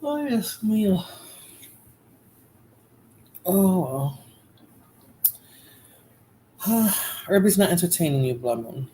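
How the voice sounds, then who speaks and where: A woman's voice: lowish voice, expressive, slow, long pauses, mellow, a little hiss or hum, low-quality recording. A woman hosting a casual livestream, chatting to viewers in chat by name in a drowsy, rambling way. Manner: drowsy, rambling with fillers and restarts. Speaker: livestream host.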